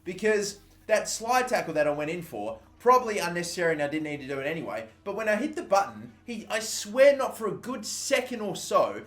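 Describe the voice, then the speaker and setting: A young man giving live commentary over a football video game, excitable and swearing loudly at the game. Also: sits high, a little fast, hardly any pauses. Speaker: gaming YouTuber.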